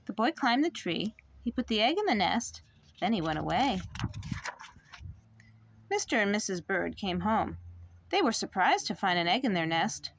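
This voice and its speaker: A young mother reading a picture book aloud to her child, in an expressive, sing-song way. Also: mid-range voice, normal speed, long pauses.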